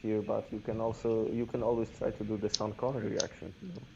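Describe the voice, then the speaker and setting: Gravelly guy umming through his wargame moves, hissy lo-fi sound. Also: lowish voice, little pitch movement, fast. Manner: hesitant, thinking aloud with many fillers. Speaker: wargame player and co-host. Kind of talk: casual chat during a game. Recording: dull stream audio with clear hiss.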